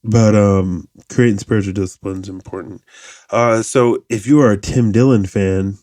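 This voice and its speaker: A man in his thirties hosting a podcast, talking in a casual, profane, rambling monologue with animated asides. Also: lowish voice, moderate pace, no echo, clean studio sound. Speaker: podcast host.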